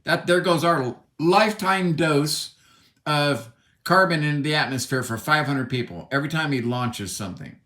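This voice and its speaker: A man's voice: a little high, normal speed, pushed and bright. A man ranting in a solo commentary, angry and emphatic, swearing often. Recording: echoey room.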